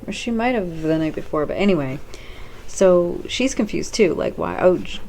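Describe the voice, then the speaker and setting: Low, gravelly-voiced chatty woman. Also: animated, moderate pace, darkish tone, slight background noise. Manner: rambling, chatty, acts out characters' lines with "she's like"; blunt and swears casually. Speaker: host. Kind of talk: off-the-cuff video commentary.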